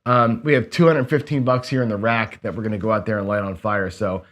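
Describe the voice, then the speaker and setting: A middle-aged man with a hoarse voice, hosting a casual gambling show and chatting loosely with many fillers and restarts. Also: on the low side, steady tone, brisk, fairly bright tone. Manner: rambling, filler-heavy, frequent restarts. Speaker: host.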